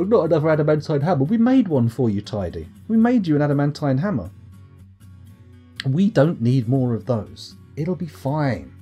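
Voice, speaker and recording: A man's voice: fairly high pitch, warm tone. A British man with a sore throat, chatting and joking self-deprecatingly as he streams a game live from home. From United Kingdom. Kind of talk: live let's-play commentary. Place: at home, upstairs room.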